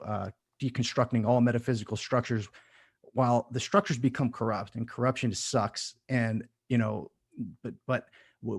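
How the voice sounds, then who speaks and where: A man's voice: medium pitch, a little mellow, slightly rough. A man hosting a podcast in casual conversation, earnest and building long analogies. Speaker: podcast host.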